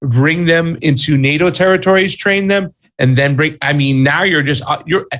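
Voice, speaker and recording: A man's voice: fairly high pitch, moderate pace, fairly bright tone. A man co-hosting a political commentary show, blunt and exasperated, with slangy asides. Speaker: co-host.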